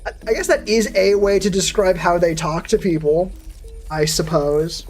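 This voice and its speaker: A streamer talks loosely with their live chat and answers viewers as comments come in. The delivery is sardonic and rambling, full of profanity, at a middling pitch. Soft music plays faintly underneath. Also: normal speed. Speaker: VTuber streamer.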